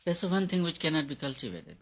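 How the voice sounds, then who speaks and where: A man's voice: fairly high pitch, big pitch swings, fast talker, a bit bright. A man giving an earnest, repetitive meditation lecture as a spiritual teacher. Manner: earnest, repetitive and emphatic, laughs at his own points. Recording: dull lo-fi recording.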